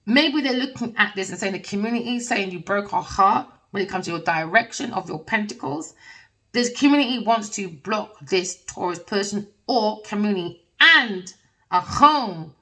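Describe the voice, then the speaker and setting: A woman's voice: mid-range voice, animated, moderate pace, sharp tone, distant mic, poor audio. A woman giving a casual tarot reading, rambling and emphatic with plenty of slang. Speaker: tarot reader.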